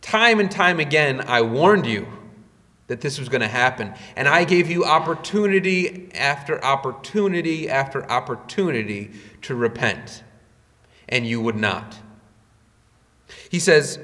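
A man's voice: lively intonation, normal speed, pushed and bright, in a large hall. A man preaching a sermon as a pastor, with emphatic rises and drops in his delivery. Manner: emphatic preaching with sudden rises in pitch and volume.

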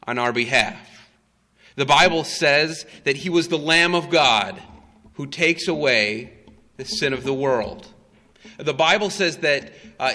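Bright-voiced preacher in a reverberant hall. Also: male voice, fairly high pitch. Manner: slow, emphatic storytelling with frequent "uh" fillers. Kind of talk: sermon.

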